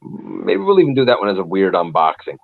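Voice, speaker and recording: Man, guest, casual chat, wordy, very deep voice, tinny phone-like audio. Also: huge pitch swings, brisk, no room sound. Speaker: guest reviewer. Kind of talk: casual live-stream chat.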